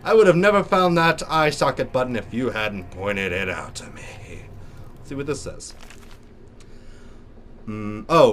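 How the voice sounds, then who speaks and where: A man's voice: mid-range voice, lively intonation, unhurried, pauses often, fairly bright tone, a little hiss or hum. A young man with a sore throat giving jokey, theatrical let's play commentary as a gaming YouTuber.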